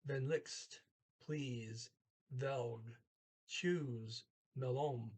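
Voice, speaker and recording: Slow, husky-voiced man tutoring. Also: mid-range voice, fairly even intonation, darkish tone. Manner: slow, halting, thinking aloud with many pauses; sounds out foreign words carefully, then translates. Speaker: language tutor. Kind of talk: casual self-recorded language lesson.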